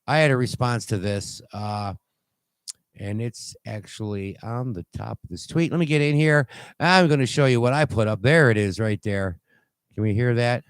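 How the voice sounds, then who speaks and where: A man hosting a call-in talk show, rambling and halting with many fillers and restarts as he reads posts aloud. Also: on the low side, clean tone, dry recording. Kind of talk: casual call-in show commentary.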